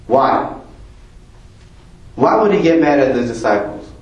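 Slow-talking man preaching in a church. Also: mid-range voice, very animated, highs cut off. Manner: conversational, questioning the congregation. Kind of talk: sermon. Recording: roomy church echo.

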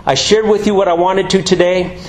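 A man's voice: high voice, fairly quick, echoey room, low-quality recording. A man preaching a sermon, telling jokey stories and acting out voices. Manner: animated, jokey storytelling with acted-out voices.

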